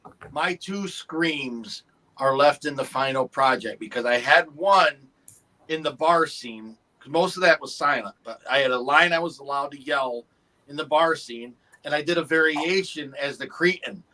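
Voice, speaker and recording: A man in casual podcast chat, talking excitedly about being on set and swearing casually. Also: a little high, normal speed. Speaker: guest.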